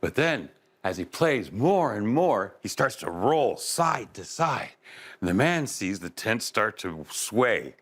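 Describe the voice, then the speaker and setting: A man telling a story aloud to children, expressive, with sound effects and asides to his listeners. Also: on the low side, takes it slowly. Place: live event space.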